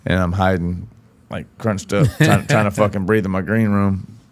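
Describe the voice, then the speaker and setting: A man's voice: low voice, steady tone, moderate pace. A man in his thirties with a Southern accent, a country singer telling a long, profane story on a podcast and acting out everyone's lines. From from Arkansas.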